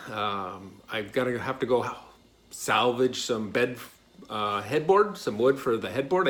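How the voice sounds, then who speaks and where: A man's voice: mid-range voice, fairly bright tone. Middle-aged man, chatty garage woodworking vlogger, loose and rambling delivery. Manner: rambling, self-correcting, chatty. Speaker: home DIY vlogger. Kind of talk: casual workshop vlog. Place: home garage workshop.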